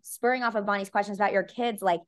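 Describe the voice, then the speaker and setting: A woman co-hosting a talk show interview, asking questions with lively, quick reactions. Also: mid-range voice. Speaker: co-host. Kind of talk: interview conversation.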